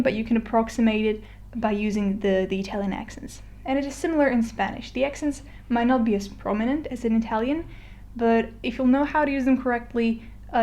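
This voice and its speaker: A woman giving a casual explainer lesson, chatty with fillers and restarts, slowing down to model words. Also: on the high side, darkish tone. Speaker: Spanish teacher. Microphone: voice-over on a screen recording.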